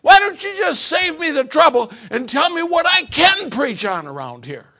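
A man voicing a frustrated preacher at his wit's end, exasperated and shouting. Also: medium pitch, moderate pace, natural voice.

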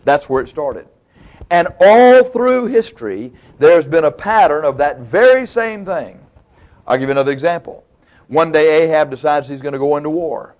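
A man's voice: on the high side, animated, normal speed, a little mellow. A man preaching a sermon, retelling stories in a folksy, colloquial, dramatic way. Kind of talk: sermon, storytelling.

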